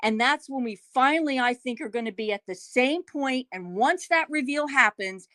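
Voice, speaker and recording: A woman's voice: high-pitched, expressive, moderate pace, sharp tone, no echo. Emphatic woman with a dry, close sound. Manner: emphatic, repeats words for stress. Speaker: panelist. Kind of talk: casual panel chat.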